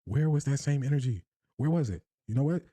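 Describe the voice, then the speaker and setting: An American man hosts a casual sports commentary show, speaking directly to viewers and animatedly acting out the quotes he breaks down. His voice is medium-pitched and a little fast.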